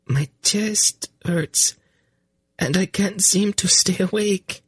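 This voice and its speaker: Man doing a frail young queen, weak and breathy. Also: high-pitched, slow, dry recording, studio quality, voice pushed up, full character voice. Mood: weak, pleading. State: ill and drowsy. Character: frail young pregnant queen, sweet and fearful. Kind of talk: audiobook character voice.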